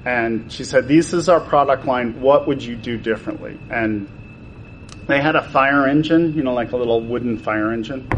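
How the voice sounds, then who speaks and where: Toy designer guest, a man with a mid-range voice, animated storyteller who acts out the quotes. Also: mid-range voice, normal speed, slight background noise, poor audio. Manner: acts out quoted exchanges with voice changes.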